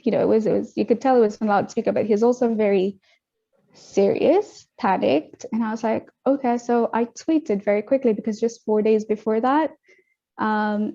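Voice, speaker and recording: Young woman guest telling a story fast, mellow dark voice, kinda muffled lo-fi sound. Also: medium pitch, vocal fry. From Australia. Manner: animated, quick retelling with acted-out quotes. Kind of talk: casual interview storytelling. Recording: dull lo-fi audio.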